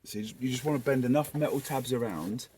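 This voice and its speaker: A man's voice: medium pitch, fast talker, darkish tone, a little hiss or hum. A man chatting casually and rambling with jokes as he fits a car stereo himself. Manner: rambling and jokey, talking to himself as he works. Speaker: car DIY vlogger. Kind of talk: casual workshop chat while fitting a stereo.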